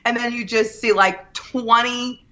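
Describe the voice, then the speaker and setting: A woman with a bright, forceful voice tells her story in an animated way and acts out what others said. The sound is dull and lo-fi. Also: fairly high pitch, unhurried. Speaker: guest. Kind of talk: casual storytelling.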